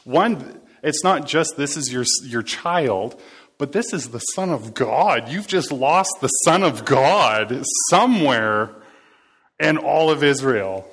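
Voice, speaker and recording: A man's voice: mid-range voice, expressive, slow pace, fairly bright tone, breathy edge. A man preaching a casual, conversational sermon, joking and talking back and forth with his congregation. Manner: chatty, jokey, interacts with the congregation.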